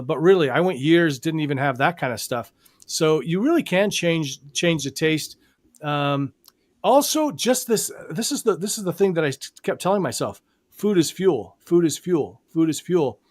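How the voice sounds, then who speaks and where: A man co-hosting a casual live-stream chat about hypnosis, animated and quick to laugh. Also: on the high side, no room sound. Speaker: hypnotist co-host.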